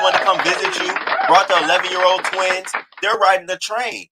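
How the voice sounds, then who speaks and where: A man's voice: sits high, fairly even intonation, a little fast, heavy background noise. A man hosting a news commentary show, reacting bluntly and indignantly to a video in casual, profane talk. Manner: blunt, indignant, swears freely.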